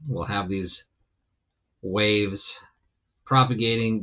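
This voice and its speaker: A man's voice: deep voice, muffled recording. A man teaching a physics lesson in a recorded lecture, explaining loosely with lots of ums and restarts. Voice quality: gravelly when relaxed. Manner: loose, rambling explanation with many fillers.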